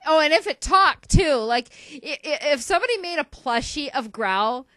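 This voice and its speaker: A woman gushing excitedly about a favorite character in casual fan chat, giggly and excitable. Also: high voice, normal speed, no echo.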